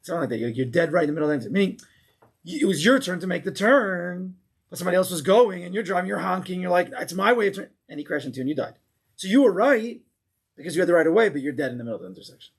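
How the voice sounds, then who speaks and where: Husky man teaching an animated Torah class. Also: high-pitched, very fast. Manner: animated, mimics angry people in raised voice.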